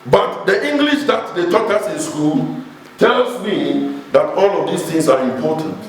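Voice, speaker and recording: Emphatic Ghanaian pastor preaching in a church. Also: male voice, high voice, lively intonation, a little slow, soft background music. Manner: emphatic call-and-response preaching, asking the congregation questions. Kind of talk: sermon. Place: church hall. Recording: echoey church hall, voice from far off the mic.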